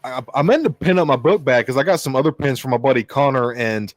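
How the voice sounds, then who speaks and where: A man with a country twang hosting a casual livestream chat, swearing often and rambling with excitement. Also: medium pitch, fast talker, no room sound. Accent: Southern US country twang. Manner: profane, rambling, enthusiastic. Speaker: show host.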